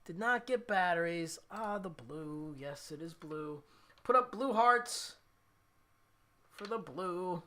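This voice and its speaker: A man's voice: high voice, lively intonation, slow pace, sharp tone. A man with a New Jersey accent, hosting a casual guitar livestream and chatting with viewers. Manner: chatty, jokey, talking to the chat.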